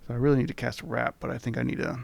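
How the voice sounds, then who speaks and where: A man's voice: mid-range voice, little pitch movement, rapid-fire, vocal fry, no room sound. A man hosting a let's play, casually reading game text aloud with commentary, often stopping to restart words.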